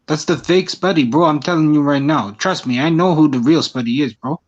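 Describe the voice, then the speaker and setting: A man in his twenties calling into a live stream, loud and swaggering, saying "bro" at every turn. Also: a little high, brisk. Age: 20s. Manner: slangy, says "bro" constantly, loud and swaggering. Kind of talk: casual boisterous chat. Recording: dull lo-fi call audio.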